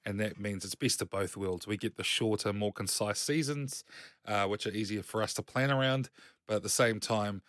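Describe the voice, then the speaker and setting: A man's voice: fairly low pitch, normal speed, a bit bright, dry recording, clean studio sound. A man co-hosting a tabletop gaming podcast, chatting in an upbeat, loose way. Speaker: podcast co-host. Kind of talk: casual chat about tabletop games.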